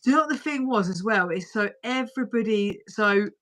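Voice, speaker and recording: A woman's voice: mid-range voice, expressive, a little fast, a bit bright. A woman hosting a livestream and chatting casually, talking bluntly and swearing freely. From United Kingdom. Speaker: livestream host. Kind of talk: casual chat.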